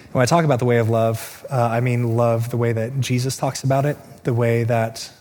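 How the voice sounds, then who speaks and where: A man's voice: medium pitch, level tone, darkish tone. Man preaching in a reverberant church. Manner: earnest preaching, rising emphasis, shifts between quick asides and slow stresses. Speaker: pastor. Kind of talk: sermon. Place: church sanctuary. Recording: reverberant hall, faint room noise.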